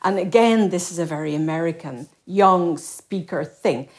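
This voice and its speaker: A middle-aged Irish woman, a professor guest, explaining things quickly with plenty of examples. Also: fairly low pitch. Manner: quick, expository, uses examples. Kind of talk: explanatory interview talk.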